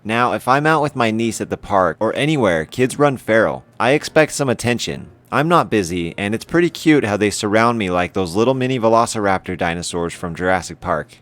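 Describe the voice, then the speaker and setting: A man's voice: fairly low pitch, expressive, fairly quick, few pauses, a bit bright. A man hosting a story channel, reading online stories aloud with casual, wry commentary.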